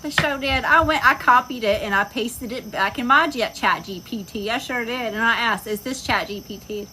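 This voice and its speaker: A woman gives a casual tarot reading, speaking bluntly and emphatically with plenty of profanity. Her voice is a little high and at normal speed, with background noise and insects and crickets chirping behind her.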